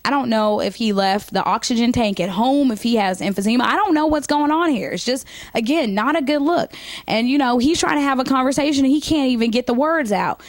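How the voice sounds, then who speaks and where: A woman's voice: on the high side, brisk, no echo. Chatty woman doing stand-up to camera. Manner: chatty, animated, many fillers. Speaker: comedian. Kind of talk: stand-up comedy monologue to camera.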